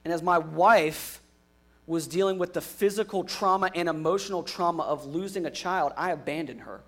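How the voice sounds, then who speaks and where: A young adult man preaching a sermon in an earnest way, moving from emphatic lines to quiet, hushed ones. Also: fairly high pitch, moderate pace. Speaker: pastor.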